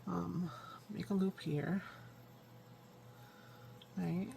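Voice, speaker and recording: A woman with a lowish voice talks through her craft project in a loose, rambling way, thinking out loud as she works with her hands. It's casual vlog chatter from a home craft table, with a faint hum of room noise behind her. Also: fairly even intonation, very slow, creaky. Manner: rambling self-talk while working with her hands. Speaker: crafting channel host.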